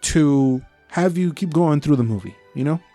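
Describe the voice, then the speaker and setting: Warm and lively, this man's fairly high voice moves at a moderate pace over faint background music. He co-hosts a podcast where he chats loosely about a movie, using profanity, acting out his reactions, and dropping Spanish slang into his English.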